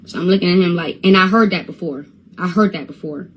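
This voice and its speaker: A woman with a husky, lowish voice speaks fast while telling a story on an Instagram live from her phone. She stumbles and repeats words along the way, stuttering when she gets upset.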